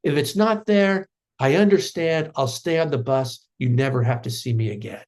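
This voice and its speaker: A man speaking as a remorseful middle-aged ex-convict in a spoken parable, in a halting, anxious way. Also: mid-range voice, darkish tone, pitched below the performer's own voice, lightly acted.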